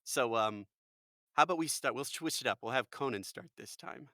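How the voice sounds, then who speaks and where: An American man, a voice actor, chatting in a lively, jokey way as a podcast guest. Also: mid-range voice, moderate pace, no echo, clean studio sound. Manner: animated, jokey, full of fillers. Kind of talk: casual podcast chat.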